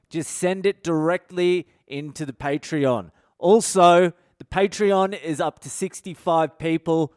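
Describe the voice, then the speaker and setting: Brash Australian comic host, sweary and animated, slightly high voice. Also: male voice, smooth, dry recording, studio quality. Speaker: podcast host, comedian. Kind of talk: profane comedic storytelling monologue.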